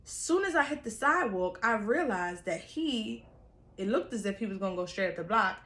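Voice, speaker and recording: A woman's voice: medium pitch, moderate pace, roomy sound. Chatty young woman telling a story. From New York. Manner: chatty, animated storytelling with slang. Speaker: vlogger. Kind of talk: casual storytime.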